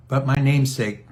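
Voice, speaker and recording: An older man chatting in a casual video diary, halting and restarting often, clearing his throat as he tells fond stories about his family. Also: mid-range voice, dark tone. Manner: fond, reminiscing storyteller. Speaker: singer sharing a video message.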